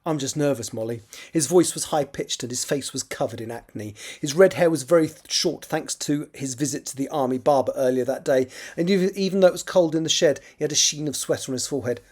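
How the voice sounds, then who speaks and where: A man's voice: a little high, fairly quick, hardly any pauses, a little mellow. A man reading aloud from his own novel draft. He often corrects himself and adds wry muttered asides. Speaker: writer.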